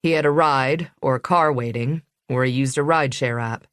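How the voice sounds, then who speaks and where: A woman reading the lines of a steady, businesslike male investigator in an audiobook. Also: mid-range voice, moderate pace, smooth, dry recording, clean studio sound, natural voice. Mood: reasoning. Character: matter-of-fact male investigator.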